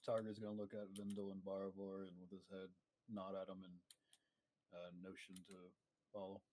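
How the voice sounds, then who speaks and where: A man's voice: low-pitched, completely flat delivery, moderate pace, mellow, rough recording. A man playing a tabletop game, hesitant and full of fillers, voicing his character. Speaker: player. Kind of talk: casual tabletop play, in-character lines.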